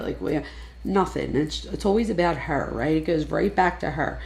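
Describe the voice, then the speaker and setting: A woman's voice: deep voice, animated, moderate pace, vocal fry, a little mellow. A woman giving casual, analytical true crime commentary, chatting freely and lifting her voice when she quotes people.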